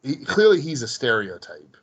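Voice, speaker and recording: A man co-hosts a podcast, talking casually about a comedy film and laughing as he recounts it, rambling and restarting often. His mid-range voice is sing-song, fairly bright and husky, at a normal speed, on a muffled recording.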